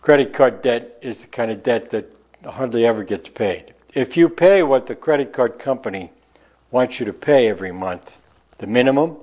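A man preaching a sermon, reading old-style scripture aloud and slowing down to stress key phrases. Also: medium pitch, animated, lo-fi sound.

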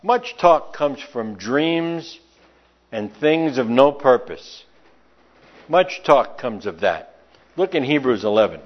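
A man's voice: medium pitch, big pitch swings, takes it slowly, lo-fi sound. A man preaching a sermon, emphatic and conversational, often asking his listeners questions.

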